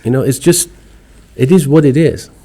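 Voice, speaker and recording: A man's voice: medium pitch, moderate pace, dark tone, husky. A man from Iran with an Iranian accent and broken English, speaking emphatically and outspokenly as a podcast guest. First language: Farsi. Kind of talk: casual conversation.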